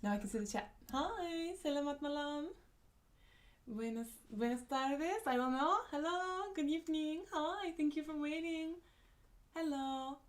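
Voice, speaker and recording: A woman's voice: high voice, unhurried. A woman hosting a casual livestream, reading out and answering her chat in a bubbly way, laughing often and sounding a little sleepy. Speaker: livestream host. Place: room at home.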